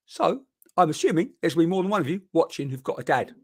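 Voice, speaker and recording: A man working as a spiritual medium in a live online session, talking in a rambling, chatty way full of restarts, into a boom mic. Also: sing-song, fast talker, breathy edge, no echo, studio quality.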